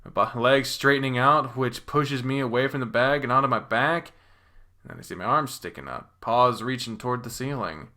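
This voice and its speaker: A man giving a dramatic first-person reading of a visual novel, expressive and profane, moving between hushed and loud. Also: medium pitch, moderate pace. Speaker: reader voicing a visual novel.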